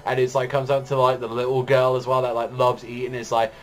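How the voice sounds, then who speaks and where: A man's voice: medium pitch, monotone, fairly quick, a little hiss or hum. A young man reviewing manga in a casual chat, rambling with heavy filler words and frequent swearing.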